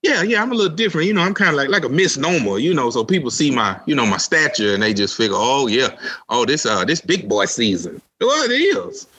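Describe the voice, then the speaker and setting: A man, co-hosting a podcast in casual chat and telling animated stories. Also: medium pitch, fast talker, husky. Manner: animated storyteller, repeats "let me tell you something". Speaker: podcast co-host.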